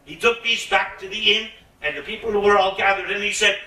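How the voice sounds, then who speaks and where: A man telling a bawdy comic tale to a live audience in a playful, drawn-out way. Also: high voice, fairly even intonation, pushed and bright. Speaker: storyteller. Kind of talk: live storytelling performance. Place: live concert venue. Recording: roomy echo, mic at a distance.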